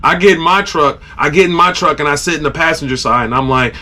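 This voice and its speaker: A man hosting a podcast, casually telling a story and acting out his own groans, shouts and sound effects. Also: fairly high pitch, fast talker, few pauses. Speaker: podcast host.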